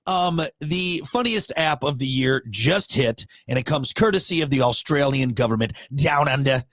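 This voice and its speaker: Playful joking man, lively voice. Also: medium pitch, dry recording, clean studio sound. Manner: jokey, playful, quick to goof around. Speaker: radio show co-host. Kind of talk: casual comedic banter.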